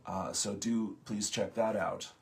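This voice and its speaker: A man hosting a morning spiritual talk, speaking haltingly with many pauses and fillers, just out of bed. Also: lowish voice, steady tone, gravelly. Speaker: host of a morning spiritual program.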